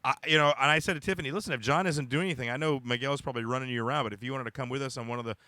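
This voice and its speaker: Fast, bright-voiced excitable comic host. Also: male voice, mid-range voice, no room sound. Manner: excitable, talks over others. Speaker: podcast host and stand-up comic. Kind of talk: comedy podcast banter.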